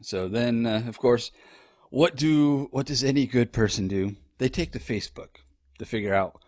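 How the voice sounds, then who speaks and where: A man's voice: mid-range voice, normal speed, a little mellow, dry recording, clean studio sound. A young man telling a rambling, profane story about his wife in a casual, conversational way.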